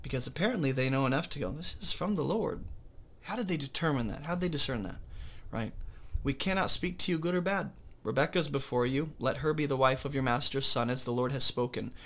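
Slightly fast and with few pauses, a man teaches the Bible in an easygoing, conversational way, his medium-pitched voice bright and forward. After reading each passage aloud, he stops to explain it and ask questions, regularly checking in with whoever's listening.

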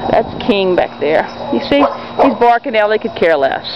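A woman's voice: very animated, moderate pace, heavy background noise. A woman filming her dogs in a yard, cooing and calling to them and chatting to viewers in a casual home video. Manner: coos and calls to dogs in a high sing-song voice. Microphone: handheld camera. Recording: dull lo-fi home video with loud dog barking. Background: dogs barking.

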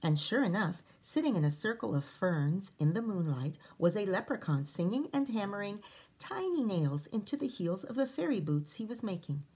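A woman teacher reading a picture book aloud to children, expressive, with chatty asides to her listeners. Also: mid-range voice, moderate pace, breathy edge.

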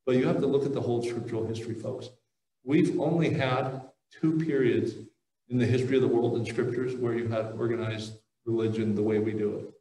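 This conference speaker, a man with a mellow mid-range voice, talks fairly quickly with fairly even intonation. He jokes his way through a casual religious talk and answers audience questions, stumbling into fillers and restarts. The roomy hall recording places him far from the microphone.

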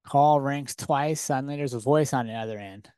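A man hosting a podcast, telling a personal story in a lively, conversational way full of rhetorical questions. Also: medium pitch, moderate pace, clean tone, dry recording, clean studio sound. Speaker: podcast host. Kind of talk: casual storytelling monologue.

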